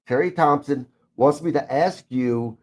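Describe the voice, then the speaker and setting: A man's voice: medium pitch, unhurried, darkish tone. A man hosting a wrestling podcast, asking questions hesitantly with many "um"s. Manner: hesitant, many "um"s and filler words. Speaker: podcast host. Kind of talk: interview questions.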